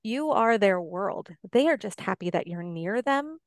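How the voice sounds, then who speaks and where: A middle-aged woman speaks as a podcast guest, offering encouraging advice in an earnest way. Her voice is smooth and resonant. The sound is dry and close, with no room around it. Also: medium pitch, animated, unhurried, no echo. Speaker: podcast guest, life coach. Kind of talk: casual podcast conversation.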